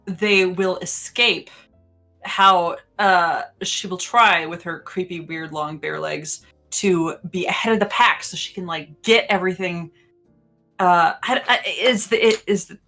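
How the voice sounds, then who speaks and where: A woman's voice: on the low side, steady tone, a little slow, bright, forceful tone, soft background music. A woman playing a tabletop game, hesitant with many ums as she narrates her character. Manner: hesitant, lots of ums, giggly. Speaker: player. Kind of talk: tabletop role-play narration.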